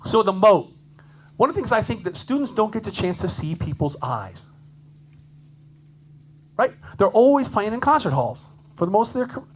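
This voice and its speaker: Animated male jazz drummer giving a clinic. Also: sits high, moderate pace, pauses often, husky, low-quality recording. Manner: animated, chatty, laughs often, acts out quoted voices. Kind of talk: lively conference clinic talk. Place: conference room with an audience.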